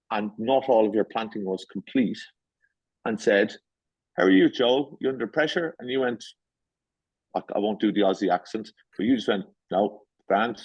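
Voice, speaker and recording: A middle-aged man hosting a casual podcast chat, telling stories playfully with lively retellings. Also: lowish voice, breathy edge, no room sound. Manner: playful storyteller, animated retelling. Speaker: guest host. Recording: muffled lo-fi sound.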